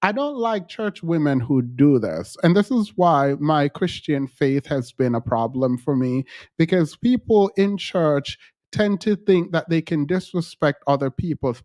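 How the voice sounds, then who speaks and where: A man's voice: fairly high pitch, expressive, a little slow, darkish tone, no echo, clean studio sound. A man hosting casual online commentary, ranting in an exasperated, annoyed way. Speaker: commentary host.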